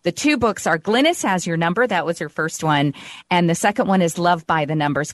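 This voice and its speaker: A woman's voice: fairly low pitch, dry recording, clean studio sound. A woman hosting an interview, full of gushing praise for her guest. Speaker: radio show host.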